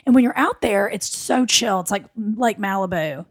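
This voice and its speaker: A woman comedian, telling stories in casual podcast chat, animated and salty-tongued. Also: medium pitch, moderate pace, no echo, clean studio sound. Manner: animated storytelling with put-on voices; salty, swears freely. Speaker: comedian guest.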